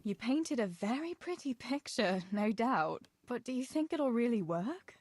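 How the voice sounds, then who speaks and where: An actress voicing a blunt young miller's daughter in a video game, speaking level and plainly. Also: female voice, fairly high pitch, expressive, a little slow, darkish tone, dry recording, studio quality. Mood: curt.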